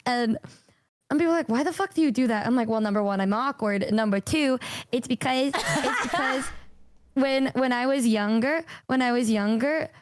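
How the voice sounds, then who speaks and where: A woman streamer chatting casually with a friend, animated and playful, with frequent swearing. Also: fairly high pitch, normal speed.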